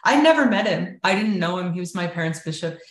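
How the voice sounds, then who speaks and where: A woman's voice: lowish voice, expressive, fast talker. A woman telling her personal story of faith as an interview guest, earnest and candid, often saying "like" and "you know". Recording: roomy echo.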